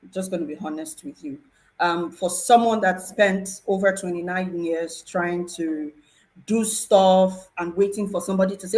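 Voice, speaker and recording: A woman's voice: medium pitch, normal speed, a little mellow, low-quality recording. A woman sharing a personal testimony on a panel talk show, earnest and emotional, telling her story with feeling. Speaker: program participant sharing testimony.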